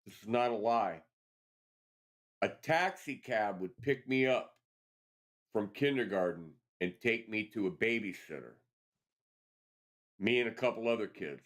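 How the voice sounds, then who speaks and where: A man hosting a casual after-show chat, telling stories in a lively way and swearing freely. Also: fairly low pitch. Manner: animated storyteller, swears freely. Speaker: show host.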